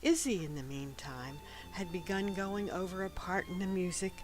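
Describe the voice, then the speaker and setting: A woman reading a novel aloud as scripted first-person narration, gentle and even, sometimes dropping to a hush. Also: lowish voice, moderate pace, faint music behind, poor audio. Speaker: audiobook narrator.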